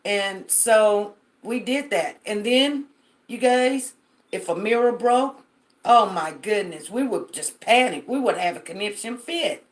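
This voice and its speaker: A woman chatting casually to her viewers on a live phone stream. She tells stories and fills her sentences with asides. She speaks at a middle pitch and directly addresses her audience. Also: expressive, a little slow.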